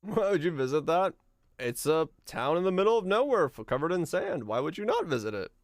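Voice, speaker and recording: A man's voice: on the high side, very animated, a little fast, dry recording, studio quality. A man streaming a geography guessing game, chatting casually and musing aloud, with easy laughs and the odd swear. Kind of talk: casual live-stream chat while playing a geography game.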